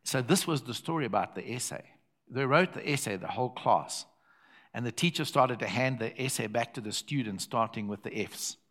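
A man's voice: mid-range voice, moderate pace, fairly bright tone. An older man with a South African accent, preaching a sermon built around a personal story and repeating phrases for effect.

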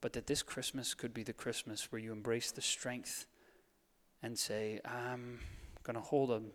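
Man, sermon, hushed then rousing, playful, mid pitch, long reverb of a large hall. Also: level tone, measured pace. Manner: swings between soft hushed lines and fired-up urging; playful, laughs at his own jokes. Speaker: pastor.

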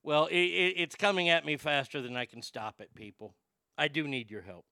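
A man hosting a comedy show, ranting crudely and making a prank call, excitable, profane and full of stammered restarts. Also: a little high, moderate pace, gravelly, no room sound, studio quality.

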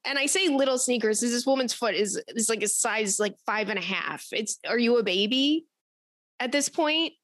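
A woman's voice: fairly high pitch, animated, moderate pace, a bit bright, no echo, studio quality. A woman hosting a podcast, chatting casually and animatedly, laughing often. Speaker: podcast host. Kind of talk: casual chat.

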